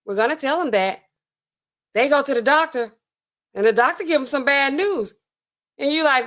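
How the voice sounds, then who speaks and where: A woman pharmacist hosting a casual reaction commentary, talking in a sassy, colloquial, animated way. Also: normal speed, long pauses. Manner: animated, sassy, colloquial, swings pitch for emphasis. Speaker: pharmacist host.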